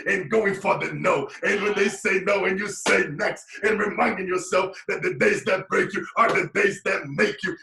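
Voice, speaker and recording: Impassioned man, bright high voice. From Brazil. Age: late 30s. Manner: preaching, repetitive, emphatic. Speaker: motivational speaker guest. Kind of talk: impassioned motivational talk. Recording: echoey room, mic at a distance.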